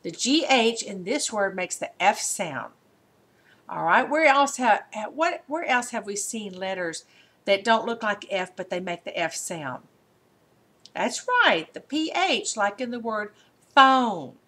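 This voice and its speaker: Patient woman teacher, slow and encouraging, sounding out phonics on a webcam. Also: medium pitch, expressive, a bit bright. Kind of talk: mock phonics lesson.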